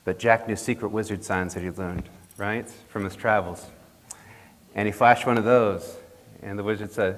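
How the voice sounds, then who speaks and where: A man's voice: fairly low pitch, fairly even intonation, normal speed, pauses often. A man telling a folk tale to a congregation in a playful, chatty way, with jokey asides. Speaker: storyteller. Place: church hall. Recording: long reverb of a hall.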